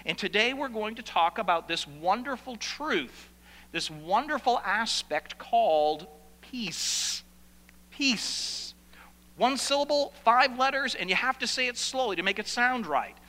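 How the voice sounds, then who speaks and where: A man preaching a sermon as the pastor of his church, with an animated delivery that stretches out key words and pauses for effect. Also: very high voice, in a large hall, rough recording.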